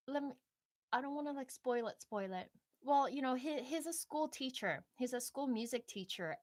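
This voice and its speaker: A woman's voice: fairly high pitch, moderate pace, darkish tone, no room sound, studio quality. A young woman in casual live-stream chat, rambling and reflective with many fillers.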